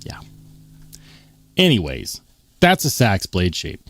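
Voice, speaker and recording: A man's voice: low-pitched, wildly swooping pitch, slow pace, fairly bright tone, no room sound, clean studio sound, soft background music. A man hosting a live stream in casual chat, reading viewer comments aloud and reacting in an upbeat, rambling way. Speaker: livestream host.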